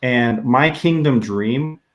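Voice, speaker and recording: A middle-aged man and minister from New Mexico, talking on a video call in a halting way, restarting his phrases and laughing often. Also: medium pitch, a bit bright. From New Mexico, USA. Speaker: minister, interview guest. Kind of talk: casual heartfelt conversation.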